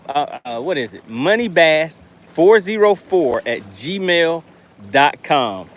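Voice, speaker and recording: A man running a fishing live stream from a boat outdoors, reading viewer chat aloud with animated exclamations. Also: a little high, takes it slowly.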